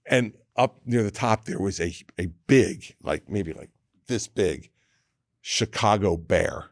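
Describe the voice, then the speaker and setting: Lower-voiced New man telling stories. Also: slow pace, no echo, clean studio sound. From New Jersey, USA. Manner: animated anecdote teller who acts out quoted people, with frequent restarts. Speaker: podcast guest. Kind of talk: casual storytelling in conversation.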